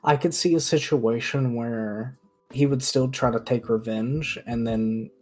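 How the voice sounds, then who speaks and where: A man's voice: mid-range voice, fairly even intonation, a little slow. A man co-hosting a casual podcast over an online call, loose and swearing freely. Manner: loose, swears, laughs often. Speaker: podcast co-host. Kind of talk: casual chat. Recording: online call, faint music behind.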